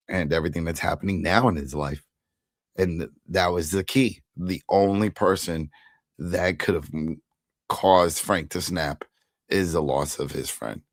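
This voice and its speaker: Deep-voiced man retelling TV episodes. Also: dry recording, clean studio sound. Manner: animated retelling, acting out characters' lines. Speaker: podcast co-host. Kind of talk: casual TV recap chat.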